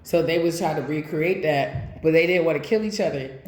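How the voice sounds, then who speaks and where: A woman's voice: sits low, normal speed, a little mellow. Woman doing a tarot reading, blunt and cussing, talking right at you, echoey room. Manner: blunt, profane, talks straight to the viewer. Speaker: tarot reader.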